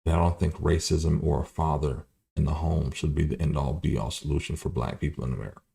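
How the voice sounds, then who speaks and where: A man's voice: extremely low pitch, fairly even intonation, quick pace, vocal fry, dark tone. A man hosting a livestream, giving loose, profane political commentary with many restarts. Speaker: livestream host.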